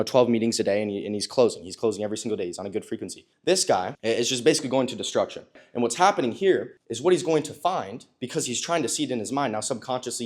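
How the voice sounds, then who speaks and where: A man giving a blunt, profane business coaching talk. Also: medium pitch. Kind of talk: coaching monologue.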